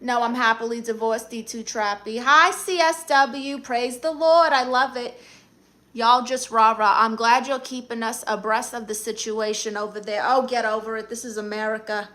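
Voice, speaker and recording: A woman's voice: fairly high pitch, steady tone, moderate pace, pushed and bright. A woman with a Brooklyn accent, chatting casually on a live stream and reading out viewer comments in a sassy, brash way. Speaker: livestreamer.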